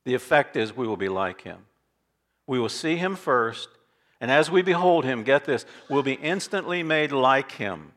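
A man preaching a sermon as pastor, reading scripture aloud and swinging between loud declarations and quiet asides. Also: mid-range voice, animated, normal speed. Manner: reads scripture aloud with emphasis.

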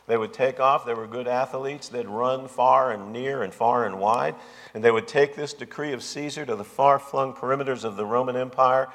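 A man's voice: mid-range voice, fairly even intonation, normal speed, a bit bright. A man preaching a sermon as pastor, with an emphatic, repetitive cadence. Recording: long hall reverb.

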